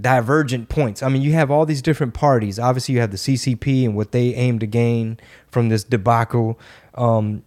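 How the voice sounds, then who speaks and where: A man's voice: mid-range voice, a little mellow. A man hosting a podcast, chatting casually in a sarcastic, ranting way. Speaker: podcast host. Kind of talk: casual chat.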